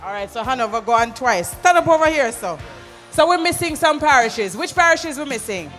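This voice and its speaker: An MC with a Jamaican accent hosting a live event, calling out loud directions to a crowd and slipping into patois. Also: high voice, lively intonation, moderate pace. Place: large conference hall. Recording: hall reverb with music behind.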